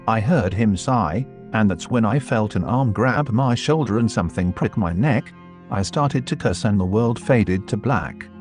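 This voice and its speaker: A man's voice: lowish voice, lively intonation, unhurried, darkish tone. A man narrating a first-person horror story and voicing its dialogue. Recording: faint music underneath.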